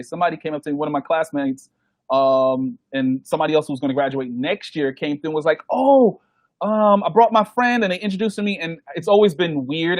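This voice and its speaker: A man, a DJ guest telling stories in a casual interview, animated and acting out the voices of people he quotes. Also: fairly high pitch, no echo. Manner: animated, acts out quoted voices, laughs often.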